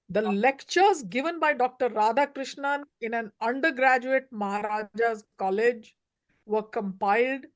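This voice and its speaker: A woman professor from India, giving emphatic lecturing remarks on a panel. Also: on the high side. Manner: emphatic, lecturing, stresses single words.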